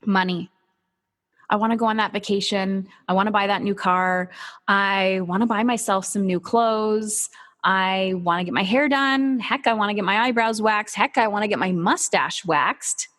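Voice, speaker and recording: A woman's voice: mid-range voice, normal speed, fairly bright tone. Woman, motivational speaker, emphatic and punchy, casual swearing, reverberant hall sound. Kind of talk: motivational talk.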